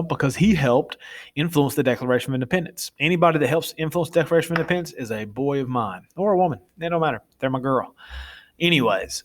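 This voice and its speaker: Chatty man giving a casual lecture. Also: medium pitch. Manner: chatty, informal, self-correcting. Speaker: teacher.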